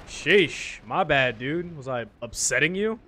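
A man streaming a shooter game, chatting casually and jokingly, with sudden excited outbursts. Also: on the high side, slow, a little hiss or hum. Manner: excitable, joking, bursts into shouts. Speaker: gaming streamer. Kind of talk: casual gameplay commentary.

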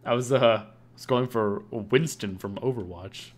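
A man's voice: mid-range voice, a little slow. A young man chatting casually and joking on a live gaming stream. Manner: joking, laughs often.

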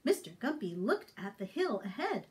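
Lively, high-voiced woman reading to toddlers. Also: normal speed. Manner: animated, sing-song reading with questions to toddlers. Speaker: children's librarian. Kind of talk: toddler storytime read-aloud.

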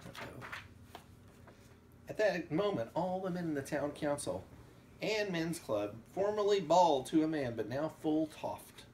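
A man reading a storybook aloud at home to a child, with animated storytelling and quick asides. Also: fairly high pitch, a little hiss or hum.

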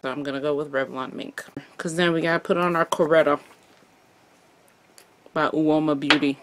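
A woman's voice: sits low, fairly even intonation, moderate pace. A young adult woman vlogger chatting casually through a makeup tutorial, playful and chatty, tossing in little sound effects. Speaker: beauty vlogger.

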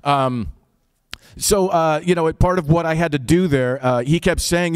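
A man's voice: a little high, unhurried, clean tone, no room sound, clean studio sound. A man with an Upper Midwest accent telling a personal story live, in a casual, wry, profane way.

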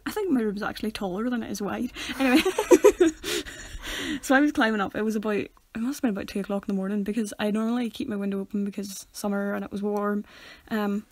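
A woman's voice: medium pitch, a little fast, a little mellow. A young woman co-hosting a casual podcast, telling a childhood story and laughing through it. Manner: giggly storyteller, laughs through her anecdotes. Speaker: podcast co-host. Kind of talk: casual chat.

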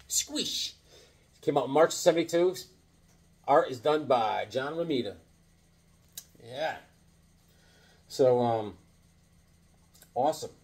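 A man's voice: medium pitch, expressive, slow pace, long pauses, a little mellow, slightly rough. A man showing off his comic book collection in a rambling, joking way, often acting out little conversations in silly voices. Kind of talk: casual comic collection show-and-tell.

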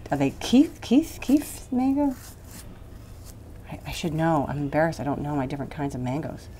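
A woman's voice: deep voice, fairly even intonation, quick pace, dark tone, slight background noise. A woman hosting a casual cooking demonstration in a kitchen, chatting and rambling with frequent laughs. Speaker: cooking show host.

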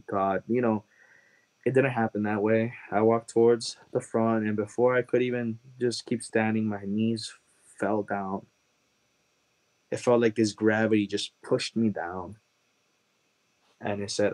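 A man's voice: on the low side, fairly even intonation, a little slow, a little mellow. A man from Chicago, a guest telling an emotional personal testimony in an earnest way and repeating phrases for emphasis. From Chicago, USA.

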